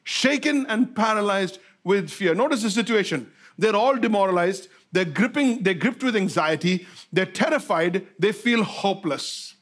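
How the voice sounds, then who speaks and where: A man delivering a sermon in a fairly high voice. He repeats his key lines for emphasis and fires rhetorical questions at the congregation, mixing fast and slowed-down phrases as he drives his point home. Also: lively intonation, fairly bright tone. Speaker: pastor.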